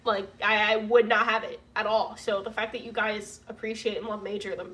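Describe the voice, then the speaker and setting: A woman's voice: mid-range voice, little pitch movement, fairly quick, fairly bright tone, far from the mic. A young woman casually reading out donation messages to her viewers, emotional and gushing, laughing through tears. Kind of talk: casual livestream chat. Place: home room with roof work banging.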